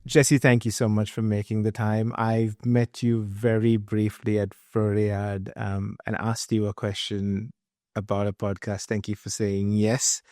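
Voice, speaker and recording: A man's voice: lowish voice, little pitch movement, a little slow, mellow, no echo, studio quality. A middle-aged man hosting a podcast interview, earnest and thorough, asking long questions with fillers. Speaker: podcast host.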